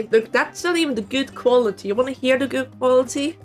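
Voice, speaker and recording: A woman's voice: high voice, fairly quick, faint music behind. A woman streamer chatting casually with her viewers in a giggly, playful, teasing manner. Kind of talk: casual live-stream chat.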